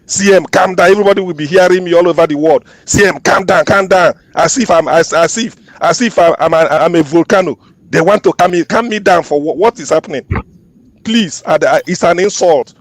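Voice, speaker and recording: A man's voice: a little high, brisk, dry recording. A man, speaking indignantly in a group discussion and repeating phrases insistently. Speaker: discussion participant.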